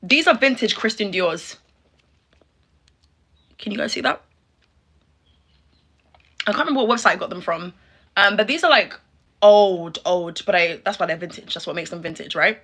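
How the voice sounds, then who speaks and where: A young woman riffing through a reaction video, with a bright, forceful voice. She is sassy and quick to exclaim, and talks to her viewers like friends. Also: medium pitch, animated. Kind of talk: casual reaction commentary.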